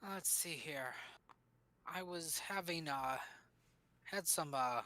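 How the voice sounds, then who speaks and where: Game master, male, bright tone, hesitant filler-heavy narration. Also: a little high, slow pace. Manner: hesitant, many ums and uhs.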